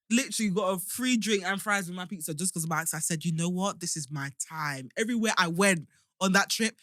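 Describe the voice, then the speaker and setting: A young woman with a London accent chats on a podcast, telling stories with animated energy. Her voice is bright and forward, recorded close and dry with no room sound. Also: fairly low pitch, quick pace, dry recording. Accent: London English. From England. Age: young adult. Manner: animated storyteller, acts out voices. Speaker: podcast co-host. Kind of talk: casual chat.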